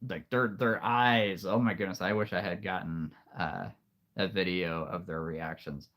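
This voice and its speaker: A man in his late thirties chatting casually with viewers on a live stream, easygoing and quick to laugh. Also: low-pitched, steady tone, a bit bright. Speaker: streamer and voice performer.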